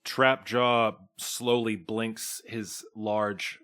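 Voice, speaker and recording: A young man running a tabletop game, his voice bright and forward, with slow, deliberate pacing. He laughs easily between the lines of narration. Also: fairly low pitch, steady tone. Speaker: game master.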